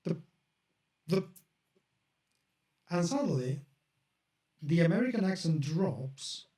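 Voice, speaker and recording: A man narrating as game master of a tabletop horror game, in a slow, descriptive, halting way. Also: fairly high pitch, sing-song, dark tone. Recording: roomy echo, from a distance.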